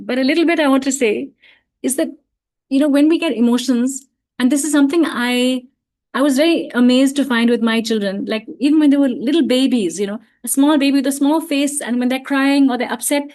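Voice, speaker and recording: Gentle, reflective woman with a higher voice. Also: a little fast. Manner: frequent "you know" and restarts. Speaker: parenting talk speaker. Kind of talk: online parenting talk. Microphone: video call.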